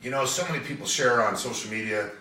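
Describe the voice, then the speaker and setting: A man co-hosting a radio show from a home studio, chatting casually in a subdued, somewhat monotone way. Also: medium pitch, fast talker, roomy sound, distant mic.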